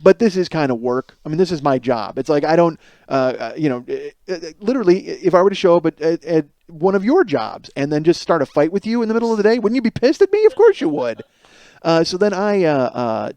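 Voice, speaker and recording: A man's voice: on the high side, vocal fry, a little mellow, dry recording. Profane, rambling comedian man, dry close mic. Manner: profane, rambling storytelling with laughs. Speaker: podcast host. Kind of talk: solo comedic monologue.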